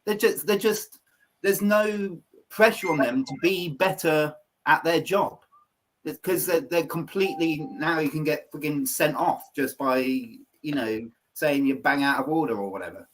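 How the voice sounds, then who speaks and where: Ranting man, slightly high voice. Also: unhurried, fairly bright tone, a little hiss or hum. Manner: ranting, sweary, emphatic. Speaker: podcast co-host. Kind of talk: heated casual football chat.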